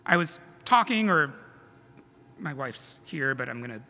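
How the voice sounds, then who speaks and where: A man's voice: on the high side, very animated, a little slow, vocal fry, sharp tone, big-room sound, faint music behind. A man preaching a sermon to his congregation in a conversational way, with casual self-deprecating asides. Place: church sanctuary.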